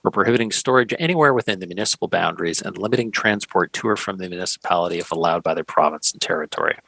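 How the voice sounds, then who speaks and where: Gravelly deep-voiced man, dry mic. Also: expressive, racing, sharp tone, no room sound, rough recording. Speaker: podcast co-host. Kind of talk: casual chat.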